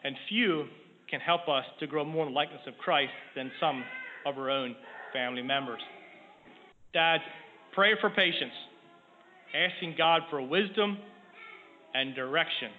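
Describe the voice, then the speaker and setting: A middle-aged man preaching a sermon in a measured, earnest way, raising his voice when he reads scripture. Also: a little high. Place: church sanctuary. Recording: tinny lo-fi sound in a long-echo hall with faint noise.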